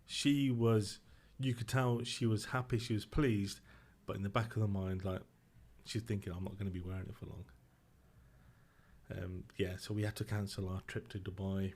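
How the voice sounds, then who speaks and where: Middle-aged man, podcast guest, low voice, quiet and halting, emotional storytelling. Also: fairly even intonation. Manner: subdued, emotional, halting with restarts. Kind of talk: personal storytelling.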